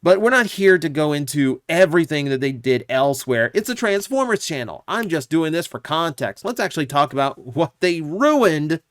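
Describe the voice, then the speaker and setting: A man's voice: a little high, fairly bright tone, no room sound, clean studio sound. A man hosting his own channel, giving casual, opinionated commentary with lots of asides and fillers. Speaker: YouTube channel host.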